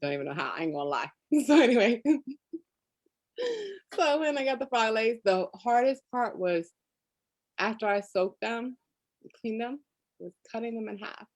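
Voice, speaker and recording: A woman's voice: on the high side, animated, moderate pace, long pauses, a little mellow, no echo. A woman guest chatting casually in an interview, telling stories and laughing often. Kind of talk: casual chat. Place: lives in Florida.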